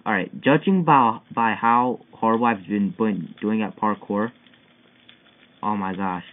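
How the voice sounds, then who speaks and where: A young man giving excitable, frustrated commentary while playing a parkour game, yelping at each failed jump. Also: fairly low pitch, measured pace. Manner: excitable, yelping and whining at failures. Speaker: gamer. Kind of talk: gameplay commentary. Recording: tinny phone-like mic with faint hiss.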